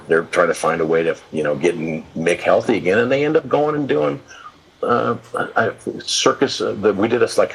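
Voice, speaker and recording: A man's voice: deep voice, slight background noise, poor audio. A man in his sixties telling rambling, profane stories in a casual interview, restarting his sentences often. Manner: profane, animated storyteller with many restarts. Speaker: guest, live event production executive.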